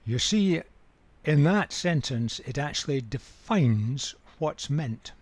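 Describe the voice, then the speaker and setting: A man's voice: a little high, lively intonation, darkish tone, no echo. Emphatic older man teaching scripture. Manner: measured, emphatic, repeats key words. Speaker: Bible teacher. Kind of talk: Bible study lecture.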